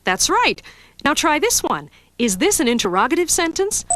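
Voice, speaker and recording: A woman narrating a grammar quiz in a clear, encouraging quizmaster manner. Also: sits high, very animated, normal speed, a bit bright, a little hiss or hum. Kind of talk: scripted educational narration.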